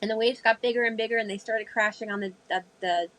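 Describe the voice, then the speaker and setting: A woman's voice: a little high, fast talker, no echo, low-quality recording. A woman guest in an interview, telling a vivid story and acting out the voices she quotes. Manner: animated storyteller, acts out quoted speech. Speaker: guest, sailor.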